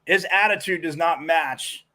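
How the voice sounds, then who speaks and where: A man co-hosting a live sports talk show, telling stories in a rambling, animated way with many restarts. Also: a little high, a little slow. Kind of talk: casual sports talk commentary.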